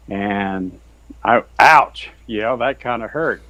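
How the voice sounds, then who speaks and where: A man's voice: lowish voice, slow, pushed and bright, no room sound, poor audio. A man, a Christian author and guest, telling his faith story in a folksy, rambling way over a video call. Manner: folksy, rambling, heavy on "you know" and "sir". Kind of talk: earnest testimony in casual chat.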